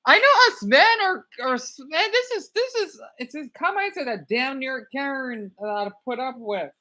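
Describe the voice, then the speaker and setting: A man streaming live, reacting to videos with loud exclamations and laughter. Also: very high voice, lively intonation, unhurried.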